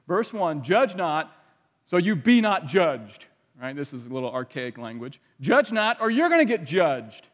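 Male preacher, high voice, chatty sermon, asks the crowd questions, long reverb. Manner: conversational, asks the audience questions. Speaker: pastor.

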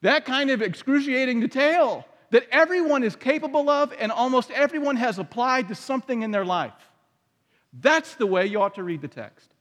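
High-voiced male preacher in a reverberant room. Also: lively intonation, moderate pace, fairly bright tone. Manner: conversational, asks the audience questions. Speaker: pastor. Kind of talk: sermon.

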